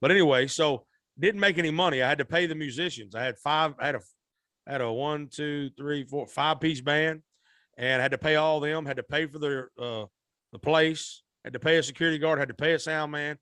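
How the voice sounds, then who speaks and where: A man's voice: on the high side, a little fast, pushed and bright, clean tone, no room sound, clean studio sound. Folksy man telling a story. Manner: rambling, repeats and restarts, Southern-style folksy speech. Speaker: musician guest. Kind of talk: storytelling in a podcast interview.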